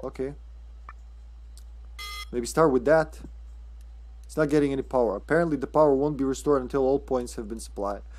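Casting: casual male streamer, rambling and stammering commentary over gameplay, mid-pitched voice. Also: moderate pace, long pauses, darkish tone. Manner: rambling, stammering, swears and laughs a lot. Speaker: streamer playing a horror game.

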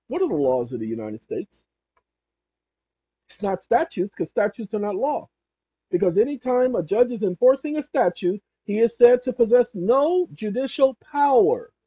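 A commentator reads passages aloud and breaks off again and again to repeat points and correct themselves. The voice is husky and mellow, and the pitch swings widely. It sounds dry and close, with a dull lo-fi tone. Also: no room sound. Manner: emphatic and repetitive, corrects self mid-sentence. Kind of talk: rambling legal commentary reading aloud. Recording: dull lo-fi recording.

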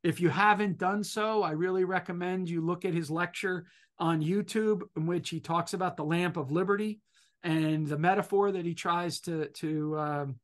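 A middle-aged man, an economics professor, telling his personal story in a talk, animated and full of fillers like "you know". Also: high voice, normal speed.

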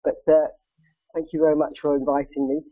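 A man in his thirties or forties with a croaky voice from a cold, giving a hesitant online presentation full of ums and uhs. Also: on the high side, level tone, brisk, no room sound. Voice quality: croaky, gravelly. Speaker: charity president giving a talk. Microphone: video call. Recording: tinny dry phone-like call audio.

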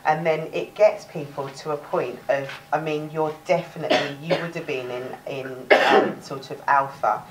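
A woman's voice: low-pitched, fairly even intonation, moderate pace, few pauses, distant mic, very noisy. A woman with a Cockney accent teaching a live workshop, chatty, restarting words and laughing often. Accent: London Cockney. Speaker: workshop presenter.

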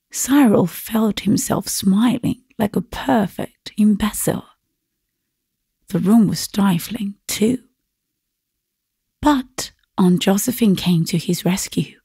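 A woman narrating a classic story aloud in a measured, husky voice. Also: mid-range voice, dark tone, no echo, clean studio sound. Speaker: audiobook narrator. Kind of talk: scripted narration.

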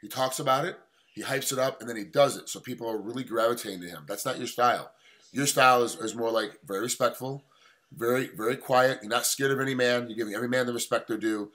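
A man's voice: mid-range voice, quick pace, fairly bright tone. An American man interviewing a fighter, asking long, rambling questions. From United States. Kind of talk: casual interview.

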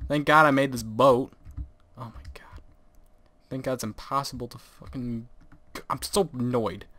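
A man's voice: medium pitch, normal speed, sharp tone, no echo. Exasperated young man swearing at a game. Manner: profane, exasperated, swearing and laughing. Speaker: gaming video host. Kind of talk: let's play commentary. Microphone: desk microphone, close.

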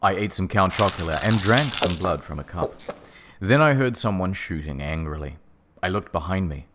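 A man giving a deadpan, mock-serious comedic reading as narrator. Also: deep voice, moderate pace, noisy background.

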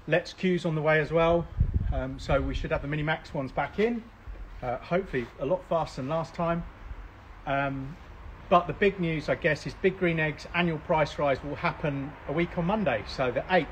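A man's voice: on the high side, moderate pace, poor audio. A man hosting a casual live cooking show, chatty and rambling with plenty of ums. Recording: faint background noise.

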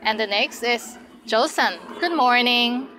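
A woman leads a playful language lesson, walking through phrases slowly. Her voice is bright and fairly high. A faint hiss sits under the recording. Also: poor audio. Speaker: language teacher.

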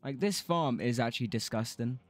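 A man's voice: mid-range voice, fairly quick, soft background music. A man streaming a game, rambling casually, swearing and humming bits of songs. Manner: rambling, sings snatches of songs, swears freely. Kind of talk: casual gameplay commentary.

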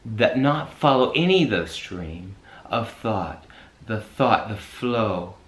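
A man's voice: fairly low pitch, lively intonation, takes it slowly. A man giving a reflective spiritual talk, rambling and searching for words with many restarts. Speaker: host. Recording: echoey room.

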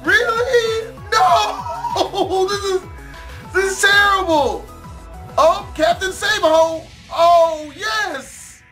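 A reaction host, drawing his words out slowly. He hollers, curses and laughs at what he watches. Faint music plays behind him. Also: very high voice, fairly even intonation. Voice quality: loud, shouting exclamations, frequent laughter. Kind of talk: profane reaction commentary.

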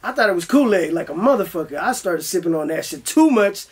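A man's voice: high-pitched, animated, fast talker, slightly rough. A young man telling a story in a loose, profane style, acting out his own voice as he goes. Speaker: guest. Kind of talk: casual storytelling.

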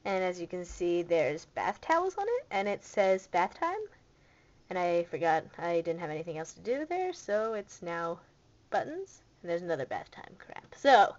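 Playful woman with a lively, lo-fi voice. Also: lowish voice, moderate pace. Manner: playful, teasing, lots of laughs and fillers. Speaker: vlogger. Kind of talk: casual vlog talking to a pet.

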